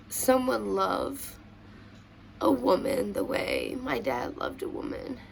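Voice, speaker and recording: A woman's voice: on the high side, gravelly, a bit bright, slight background noise. A young woman vlogger telling childhood stories in a rambling, tearful way at home. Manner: emotional, rambling with many fillers. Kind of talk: casual personal storytelling. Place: at home doing makeup.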